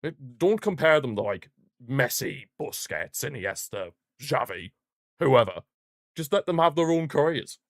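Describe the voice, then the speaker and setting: A man's voice: medium pitch, very animated, unhurried, no room sound. Dry-miked man doing fan commentary. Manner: partisan, blunt, mocking the rival team. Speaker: football watchalong streamer. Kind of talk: casual live fan commentary.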